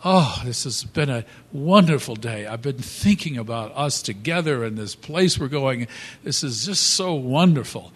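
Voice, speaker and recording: A man voicing a delighted, gushing wife, pitched high, in a reverberant hall. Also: expressive, a little slow, a bit bright, breathy edge. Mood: happy. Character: delighted loving wife, adult woman.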